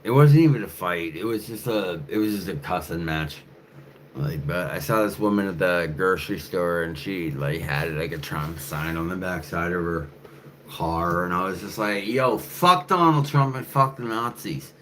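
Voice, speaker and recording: A man's voice: low-pitched, normal speed. A man rambling in a casual, profane monologue to camera, full of fillers and restarts. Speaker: channel host. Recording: faint background noise.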